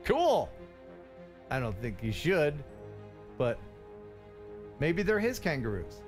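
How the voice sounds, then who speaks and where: A man's voice: on the high side, wildly swooping pitch, slow pace, faint music behind. A man hosting a casual live stream about drones, joking and teasing his co-host, laughing often. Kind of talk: casual chat.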